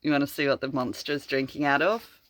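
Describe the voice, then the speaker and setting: An older woman reading a storybook aloud to her grandchildren, slow and expressive, chatting to them about the pictures. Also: a bass voice, a little hiss or hum. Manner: slow and expressive, chatting to children between lines. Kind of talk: read-aloud storytelling to children.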